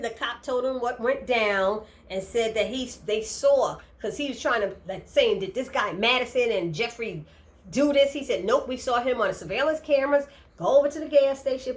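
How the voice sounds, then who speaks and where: A woman recapping a TV episode in casual chat, animated and retelling the dialogue. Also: on the high side.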